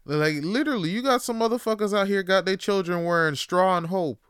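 A man's voice: sits high, lively intonation, fast, few pauses, fairly bright tone, smooth, dry recording, studio quality. Profane, rambling man on a podcast. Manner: profane, rambling, laughs often. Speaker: podcast host. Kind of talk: casual opinion monologue.

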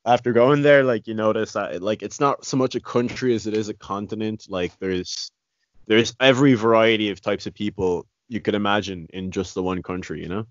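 Low-pitched man, rambling podcast talk, dry close lo-fi recording. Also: brisk, no echo. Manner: rambling, many restarts and "you know". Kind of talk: casual chat. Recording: dry, slightly dull lo-fi sound.

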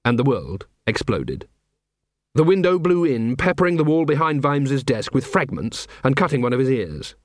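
A man narrating an audiobook in a wry, expressive storytelling manner. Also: medium pitch, moderate pace, no echo, clean studio sound. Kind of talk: scripted narration.

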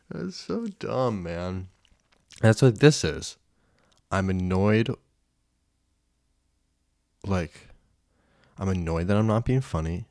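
A man's voice: low-pitched, sing-song, very slow, gravelly, long pauses, darkish tone, dry recording, studio quality. A young man hosting a casual solo podcast, rambling and self-deprecating, swearing often. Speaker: podcast host.

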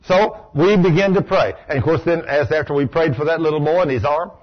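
Folksy preacher man, slightly husky. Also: brisk, highs cut off. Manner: folksy, drops into a low hushed voice for quotes, rises for exclamations. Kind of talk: sermon with storytelling.

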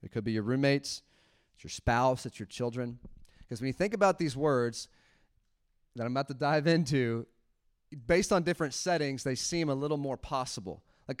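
A man preaching a sermon in church, animated, laughing often and acting out little quotes. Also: a little high, clean tone. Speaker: pastor.

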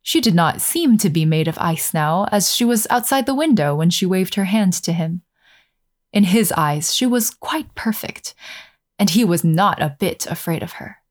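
A woman narrating a fairy tale aloud in a calm, measured way, slowing down over scenic passages. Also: on the low side. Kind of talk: storybook narration.

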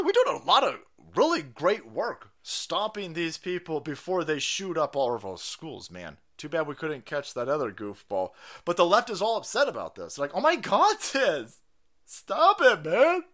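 A man hosting a foul-mouthed commentary livestream, mocking and sarcastic as he rants. His voice sits a little high for a man and swings widely in pitch. The tone is bright and cutting. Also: very animated, moderate pace. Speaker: livestream host. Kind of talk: profane political commentary stream.

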